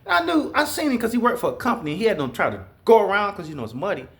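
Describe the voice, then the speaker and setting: A man's voice: sits high, rapid-fire, creaky. A man from Georgia, talking straight to his viewers in a blunt, profane, rambling monologue. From Southeast Georgia, US. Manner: profane, blunt, animated storytelling. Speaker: vlogger.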